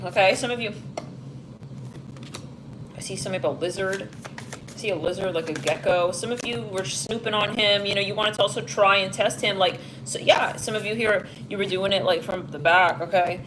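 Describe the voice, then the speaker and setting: A woman talks straight to the camera through a tarot reading, rambling and blunt, with plenty of fillers along the way. Her pitch sits in a plain middle range, and a faint hiss of noise runs underneath. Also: normal speed. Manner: rambling, frank, with filler-heavy asides. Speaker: tarot reader. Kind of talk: casual psychic reading to camera. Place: London, England.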